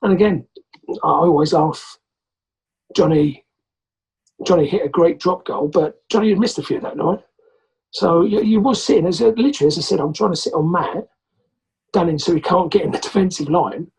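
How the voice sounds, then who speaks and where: Husky-voiced English man telling stories. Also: high-pitched, normal speed, pauses often, poor audio. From England. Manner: animated, acts out quoted voices. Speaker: podcast guest, former rugby player. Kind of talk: anecdotal storytelling.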